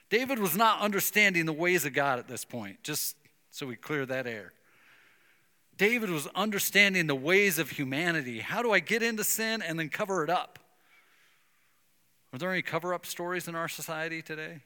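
A man preaching a sermon, retelling a Bible story with lively acted-out dialogue. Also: high-pitched, normal speed, in a large hall. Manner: animated storytelling, acting out biblical dialogue. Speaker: pastor.

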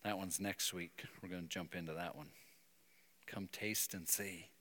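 A man preaching a sermon, telling a story and breaking into emphatic, animated bursts. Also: sits low, unhurried, big-room sound. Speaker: pastor.

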